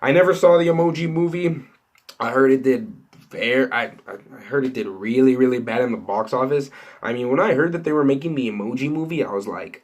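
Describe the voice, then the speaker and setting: A man's voice: medium pitch, a little fast. Rambling, chatty man talking to viewers. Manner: rambling, many fillers and restarts, lots of "you know" and "like". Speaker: entertainment news vlogger. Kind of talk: casual unscripted chat to viewers.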